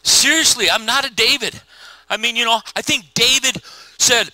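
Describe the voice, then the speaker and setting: A middle-aged pastor with a fairly high voice and a very bright, forceful edge. He tells the story in an animated, slangy way, putting on quick voices for each character. The sound is close and dry. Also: no echo, poor audio. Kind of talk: casual conversational sermon.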